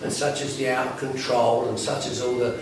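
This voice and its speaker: A man's voice: mid-range voice, level tone, brisk. A man giving a blunt, conversational talk to a recovery group, with laughs and asides mixed in. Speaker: recovery workshop speaker. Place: workshop meeting room. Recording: very echoey room, mic far off, faint noise.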